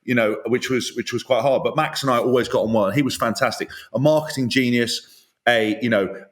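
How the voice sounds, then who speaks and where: A man's voice: medium pitch, a little fast. A man co-hosting a rugby podcast, chatting candidly and reflectively about his playing days. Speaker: podcast co-host, former rugby player. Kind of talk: casual chat.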